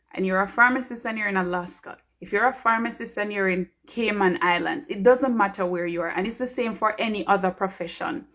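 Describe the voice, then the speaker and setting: A woman's voice: medium pitch, a bit bright. A woman from Jamaica, a pharmacist giving an earnest, heartfelt motivational talk on a live stream.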